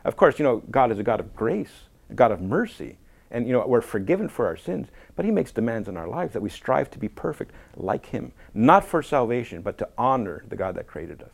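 Brief: male guest, emphatic and quick, gravelly edge. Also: medium pitch, very animated. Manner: emphatic, quotes people in acted voices. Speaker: guest apologist. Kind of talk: casual conversation.

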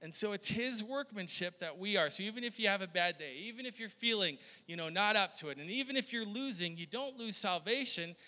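Bright-voiced man preaching a sermon. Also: high voice, expressive, brisk, few pauses. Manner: conversational, laughs often, asks the crowd questions. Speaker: pastor. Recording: long hall reverb.

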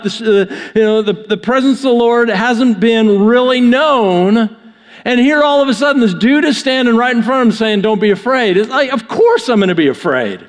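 Man, high voice, pastor, conversational sermon, scripture reading, long hall reverb. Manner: conversational preaching, reads scripture aloud then riffs with humor.

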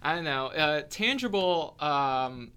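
A man's voice: on the high side, lively intonation, takes it slowly, sharp tone, smooth. A man co-hosting a podcast in casual chat, rambling and searching for words with lots of fillers. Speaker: podcast co-host.

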